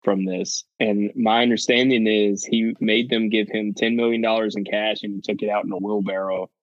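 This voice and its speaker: A man's voice: fairly low pitch, steady tone, moderate pace, no echo, dull audio. A man co-hosting a podcast, telling a story in rambling casual chat full of restarts. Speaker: podcast co-host.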